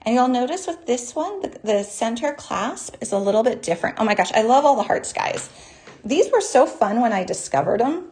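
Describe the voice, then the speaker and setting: A woman hosting a live jewelry-making class, chatty and bubbly, greeting viewers by name, with a naturally high voice. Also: very animated, normal speed, darkish tone. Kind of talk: live online craft demonstration.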